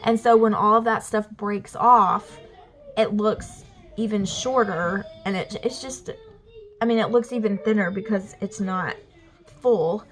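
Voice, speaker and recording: A woman's voice: mid-range voice, a little slow. A young woman with a Southern Alabama accent, chatting casually to her vlog camera at home with lots of fillers. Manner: chatty, rambling, says y'all and like a lot. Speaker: family vlogger. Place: home, near kids in the bath.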